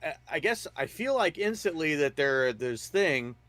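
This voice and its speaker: A man's voice: a little high, very animated, a little slow, a bit bright, no echo. A man co-hosting a podcast, chatting casually about a movie, swearing and hedging with "like". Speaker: podcast co-host. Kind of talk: casual movie review chat.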